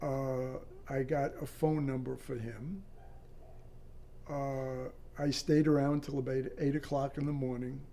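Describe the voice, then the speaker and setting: An older man, a former air traffic controller, recounting a personal story in an interview, halting and matter-of-fact. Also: medium pitch, flat delivery, mellow.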